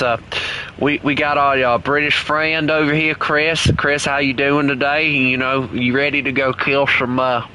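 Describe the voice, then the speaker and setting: A boisterous mock Australian hunter, loud and hammy with a bright, forceful edge, as a gamer puts him on. He hollers about bagging kangaroos in a drawling, over-the-top put-on accent. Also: medium pitch, slight background noise. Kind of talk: joking put-on voice while gaming.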